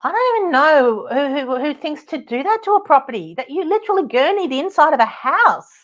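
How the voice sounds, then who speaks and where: Speaking a little fast in a voice that sits high, this middle-aged Australian podcast host and property advocate recounts a story with exasperated animation. She laughs often and swears occasionally, all on dull lo-fi podcast audio.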